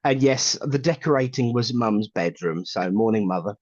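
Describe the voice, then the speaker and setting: A man's voice: on the low side, expressive, moderate pace, darkish tone, no echo. A man co-hosting a live morning chat show, joking and laughing often and sometimes slipping into a radio-DJ delivery. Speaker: co-host of a live psychic show. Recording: dull lo-fi, dry sound.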